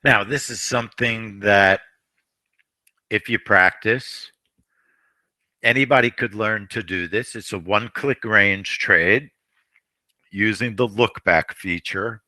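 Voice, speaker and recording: A man hosting a live trading stream, talking traders through a trade in a rambling way, repeating himself and often clearing his throat. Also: lowish voice, slow pace, pauses often, bright, forceful tone, no room sound.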